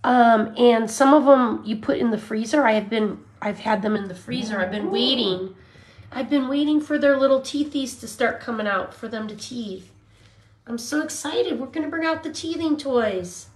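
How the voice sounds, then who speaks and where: A woman filming rescue puppies for a casual vlog, cooing at the dogs in baby talk. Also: fairly high pitch. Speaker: dog rescue volunteer. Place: indoor room with dogs. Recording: echoey room, faint background noise.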